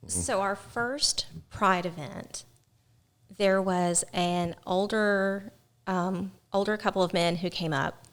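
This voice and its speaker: A woman who organizes a local community event, speaking as a podcast guest and telling earnest stories with frequent pauses. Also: medium pitch. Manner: earnest storyteller, many "um" pauses. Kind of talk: casual chat.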